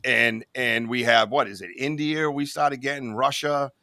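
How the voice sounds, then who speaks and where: A man's voice: mid-range voice, fairly even intonation, moderate pace, bright, forceful tone, dry recording, studio quality. A man hosting a podcast in casual chat, rambling with lots of "you know what I mean.". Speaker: podcast host.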